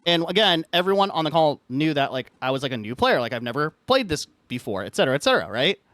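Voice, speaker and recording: A man's voice: fairly high pitch, sing-song, fast, fairly bright tone, no room sound. A man streaming live, telling a story in casual chat, rambling and filling his talk with "like" as he rants. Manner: rambling, says "like" constantly; frustrated ranting.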